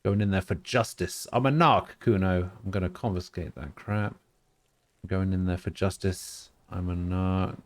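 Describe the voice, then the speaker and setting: Guy streaming a game, really low voice, jokey and self-deprecating. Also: normal speed, no room sound. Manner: joking, self-mocking, laughs often. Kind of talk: casual live-stream gaming chat.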